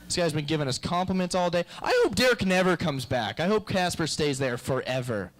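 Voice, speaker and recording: A man's voice: on the high side, lively intonation, fairly quick, low-quality recording. Rambling young male stand-up comic. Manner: rambling, self-deprecating, crude. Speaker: stand-up comedian. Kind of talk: stand-up comedy set.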